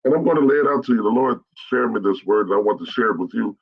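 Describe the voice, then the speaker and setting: A man's voice: medium pitch, lively intonation, very fast, dull audio. A middle-aged man, a bishop, giving a blunt straight-talk message to pastors, repeating his points to drive them home.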